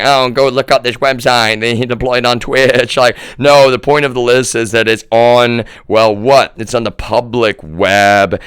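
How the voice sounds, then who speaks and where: Casual young male streamer, rambling and chatty, says "y'all" a lot. Smooth voice, dry close-mic sound. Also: lowish voice, fairly bright tone, no echo. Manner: rambling, addresses viewers as "y'all", restarts often. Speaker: livestream host. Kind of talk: casual monologue to viewers.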